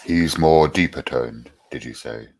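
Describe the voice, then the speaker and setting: A man's voice: rumbling low, unhurried, creaky, a little mellow. A man with an English accent, chatting and joking casually on a group voice panel. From England. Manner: joking, chatty, laughs often. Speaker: panel speaker.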